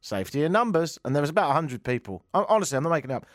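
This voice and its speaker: Sardonic comedian, lively delivery. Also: male voice, a little high, rapid-fire, dry recording, clean studio sound. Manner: sardonic, animated storytelling with ranting outbursts. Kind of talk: stand-up anecdote.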